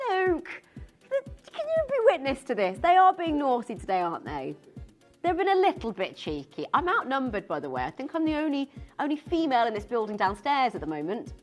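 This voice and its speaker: A woman presenting live on a shopping channel, excitable and giggly, often tripping over her words. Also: high-pitched. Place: TV studio.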